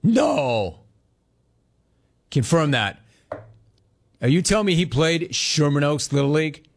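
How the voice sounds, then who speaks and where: A man in his forties hosting a sports talk show, telling stories in a lively, animated way and imitating his dad. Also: fairly high pitch, takes it slowly, vocal fry. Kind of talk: casual talk show monologue.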